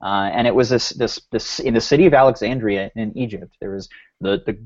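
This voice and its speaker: A man's voice: on the low side, fairly quick. Rambling man on a lo-fi podcast. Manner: rambling, with many restarts and fillers. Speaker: podcast co-host. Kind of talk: casual podcast discussion.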